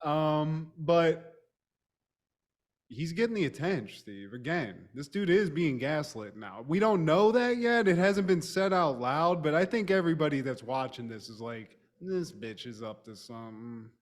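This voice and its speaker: A man's voice: on the high side, big pitch swings, a little slow. A man co-hosting a podcast, recapping a TV episode in a loose, profane, joking way. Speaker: co-host.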